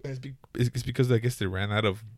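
A man's voice: medium pitch, fast, dry recording, clean studio sound. Blunt, profane man in casual chat. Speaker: podcast co-host.

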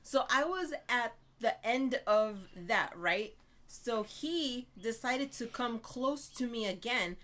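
A young woman co-hosting a casual chat, telling an animated, exasperated story and checking in with "right?" often. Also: on the high side.

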